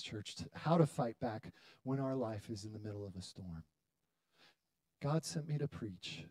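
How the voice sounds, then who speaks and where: A man in his thirties preaching a sermon to his church, building to loud, dramatic appeals with long pauses. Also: mid-range voice, dry recording. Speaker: pastor. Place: church hall.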